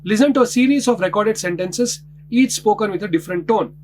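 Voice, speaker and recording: A man narrating a scripted lesson in a measured way, announcing each heading before explaining it. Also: high-pitched, darkish tone, a little hiss or hum, rough recording. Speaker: instructor.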